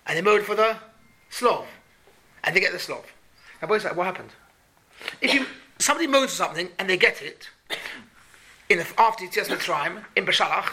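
A man's voice: sits high, expressive, brisk, pauses often, bright, forceful tone, breathy edge. A man teaching a Talmud class to boys, asking questions and repeating his points. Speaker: Torah teacher.

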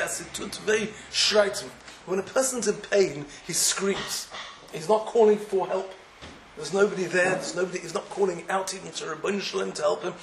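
A man's voice: high-pitched, reverberant, a little hiss or hum, poor audio. A man giving a sermon as a rabbi, with an impassioned manner that builds into emphatic questioning.

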